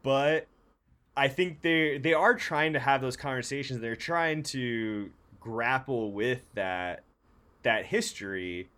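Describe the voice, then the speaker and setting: A man's voice: medium pitch, takes it slowly, fairly bright tone, clean tone. A man from the San Francisco area, co-hosting a casual chat show, rambling with lots of fillers, frequent swearing and laughter. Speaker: podcast co-host.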